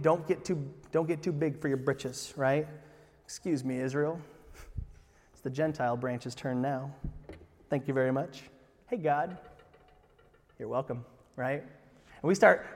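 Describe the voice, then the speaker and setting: A man preaching a sermon as pastor, animated and rising to emphatic peaks. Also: on the high side, breathy edge, big-room sound.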